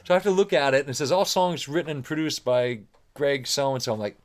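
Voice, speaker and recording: A man's voice: medium pitch, fast, a little hiss or hum. A man guesting on a podcast, telling anecdotes casually, acting out what people said and swearing now and then. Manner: animated, acts out quoted remarks, frequent "like" fillers, swears casually. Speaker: guest musician. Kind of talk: casual storytelling.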